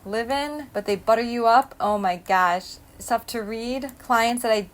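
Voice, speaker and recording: A woman's voice: a little high, measured pace. A woman hosting a solo podcast, talking in a scattered, stream-of-consciousness way, blunt and emphatic. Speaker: podcast host. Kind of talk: rambling solo podcast monologue.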